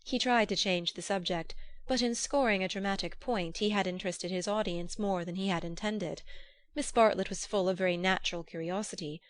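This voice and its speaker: A woman narrating a classic novel in an audiobook, with a steady, measured reading manner. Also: medium pitch, dry recording.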